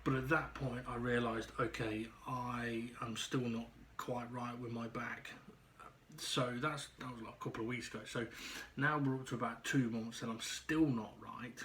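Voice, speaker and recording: A man talking through a casual personal video diary at home, out of breath and halting, with frequent ums and restarts. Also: mid-range voice, steady tone, fairly bright tone, a little hiss or hum. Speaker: vlogger.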